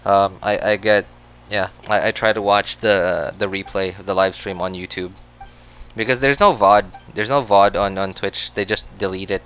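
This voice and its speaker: Lowish voice guy on a game stream, bright and crisp, rambly and laughs a lot. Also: steady tone, normal speed. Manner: rambling, laughs often, many restarts. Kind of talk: casual livestream chat.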